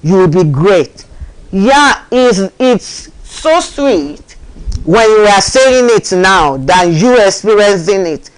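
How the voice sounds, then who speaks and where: A woman co-hosting a faith-based wellness show, warmly encouraging viewers and closing on a faith message. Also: medium pitch, animated, slow pace, clear, resonant tone, poor audio. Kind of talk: encouraging talk show chat.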